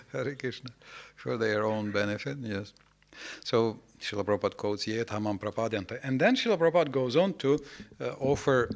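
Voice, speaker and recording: A man giving an informal scripture lecture to a small audience in a temple hall, rambling with many fillers and asking rhetorical questions. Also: mid-range voice. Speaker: speaker giving a scripture class.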